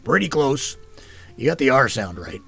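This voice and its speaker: A patient older brother and soldier, tutoring with steady explanations, as a man reading a story plays him. His voice is gravelly at a middle pitch. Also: moderate pace, faint music behind, heavily acted. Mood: patient, teaching.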